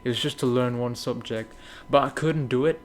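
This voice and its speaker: A man's voice: mid-range voice, moderate pace, a little hiss or hum. A young man from Indonesia telling his life story in a rambling, candid way, dropping "right?" and "mate" and swearing often. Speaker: gaming video creator. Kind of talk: casual personal storytelling.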